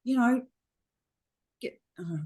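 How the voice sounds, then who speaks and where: A woman's voice: a little high, slow pace, a little mellow, husky. A middle-aged Australian woman, a frank, chatty guest telling stories in a casual interview. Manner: frank, chatty storyteller acting out quotes.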